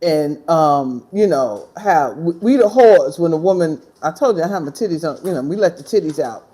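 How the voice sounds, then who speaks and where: Woman, low-ish voice, lively intonation, blunt, swearing, casual outdoor storytime. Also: normal speed, husky. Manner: blunt, animated, swearing freely. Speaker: vlogger. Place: outdoors in the sun.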